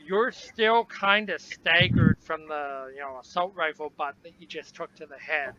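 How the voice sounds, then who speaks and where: A man's voice: on the high side, moderate pace, pushed and bright. A man narrating as game master in a tabletop game, describing the scene casually with fillers, on a dull lo-fi recording with faint noise.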